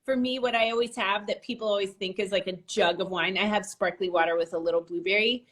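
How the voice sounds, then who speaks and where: A woman chatting casually on a phone live stream, agreeable and quick with supportive replies. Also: medium pitch, fairly even intonation, fairly bright tone. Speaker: livestream guest. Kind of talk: casual chat.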